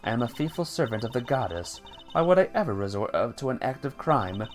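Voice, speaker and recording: A man's voice: medium pitch, big pitch swings, fairly quick, faint music behind, voice pushed up, lightly acted. A man voicing a proud, indignant young male detective. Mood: haughty. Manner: haughty, indignant.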